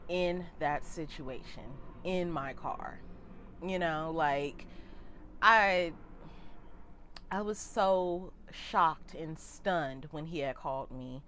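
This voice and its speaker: Brief: young woman vlogger, low voice, slow emotional storytime with repeated words. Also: fairly bright tone, a little hiss or hum. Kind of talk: personal storytime vlog.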